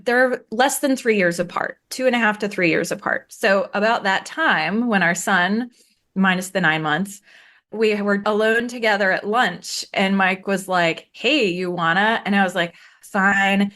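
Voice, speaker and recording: A woman's voice: a little slow, fairly bright tone. Frank woman telling her own story. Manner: frank, acts out quoted voices in a raised pitch. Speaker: guest. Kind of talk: candid conversational storytelling.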